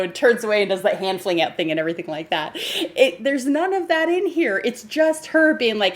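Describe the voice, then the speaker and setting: A woman co-hosts a podcast in an easy, chatty film discussion. She laughs often and slips into little acted-out quotes as she makes her points. Her voice sits at an everyday middle pitch. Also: a little fast, few pauses. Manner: animated, laughing, acts out quotes. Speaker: podcast co-host.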